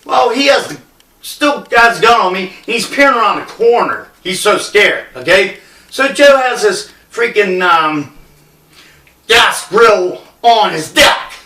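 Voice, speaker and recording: A man's voice: high voice, animated, measured pace, bright, forceful tone. A middle-aged man telling a personal story in a blunt, rambling, profane way. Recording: echoey room, distant mic.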